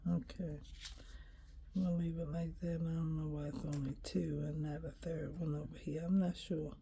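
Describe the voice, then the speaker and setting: Low gravelly woman murmuring while coloring. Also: level tone, slight background noise. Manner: quiet, muttering to herself, drifting into whispers; unhurried and hesitant, thinking aloud. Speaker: coloring video creator. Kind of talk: casual narration while coloring.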